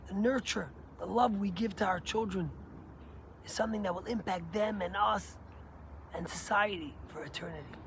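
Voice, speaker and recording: A man, a rabbi, giving a short inspirational sermon as an earnest storyteller who drops low and soft for the moral. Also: normal speed, vocal fry, slight background noise.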